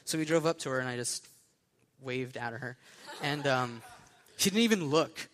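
Bright-voiced young preacher in a big hall. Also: male voice, medium pitch, moderate pace. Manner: conversational, animated storytelling with casual fillers. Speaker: pastor. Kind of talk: sermon. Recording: long reverb of a large hall.

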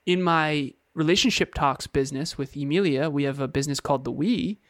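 A man's voice: fairly high pitch, a little fast, no echo, studio quality. A man co-hosting a podcast, explaining his views in earnest, casual chat with short repeated phrases. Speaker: podcast co-host.

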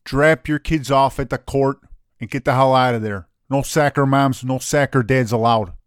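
A man's voice: medium pitch, moderate pace, clean tone, dry recording, clean studio sound. A man with a brash, profane, opinionated way of talking, casually co-hosting a soccer chat. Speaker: soccer podcast co-host.

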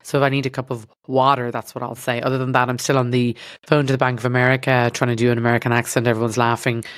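A woman's voice: rumbling low, level tone, very fast, no echo. An Irish woman hosting a podcast from a studio, talking in a rambling, self-deprecating comedic monologue that swears freely. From Ireland. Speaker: podcast host.

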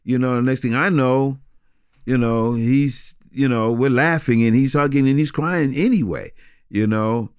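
A middle-aged man telling stories from his years in street ministry, animated, with many restarts. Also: mid-range voice, measured pace, smooth, dry recording, studio quality. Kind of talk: conversational storytelling.

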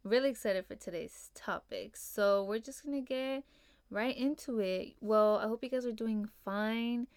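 A woman's voice: on the high side, unhurried, clear, resonant tone, no room sound, studio quality. A young woman hosting a casual solo podcast, talking in a laid-back, upbeat way and filling her speech with "like" and "you know". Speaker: podcast host.

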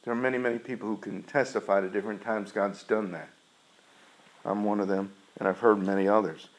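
A man's voice: on the low side, steady tone, brisk, low-quality recording. A man preaching a sermon, retelling a scripture story in an earnest, emphatic way.

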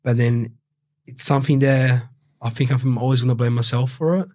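A guest in a casual interview tells his story, a swearing Australian man who was born in Brazil and raised in Australia. His medium-pitched, steady, slightly mellow voice moves at a moderate pace as he rambles, swears heavily, uses lots of fillers, and quotes himself.

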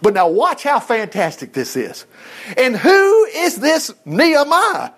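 Male preacher, conversational sermon, folksy and chatty, high voice with lively swings. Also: a little slow. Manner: folksy, animated, self-interrupting, acting out scripture dialogue.

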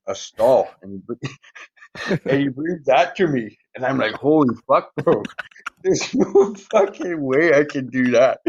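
A man's voice: medium pitch, dull audio. A man casually telling profane, rambling stories in a podcast interview, chuckling often. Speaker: guest, former prisoner.

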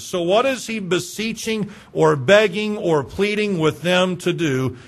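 High-voiced pleading preacher man. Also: a bit bright. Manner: earnest, pleading, slows for emphasis; talks directly to congregation with rhetorical questions. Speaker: pastor. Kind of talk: sermon.

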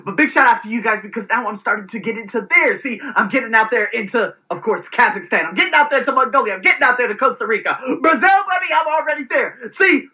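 A man hosting his own motivational vlog, talking with energetic, emphatic delivery and some salty language. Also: very high voice, lo-fi sound. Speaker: host.

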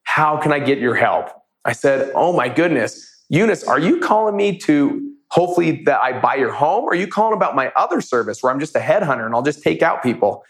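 A man's voice: a little high, very animated, a little fast, hardly any pauses, reverberant. A man teaching real estate wholesaling, telling stories from his calls in an upbeat, casual way. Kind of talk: storytelling teaching talk.

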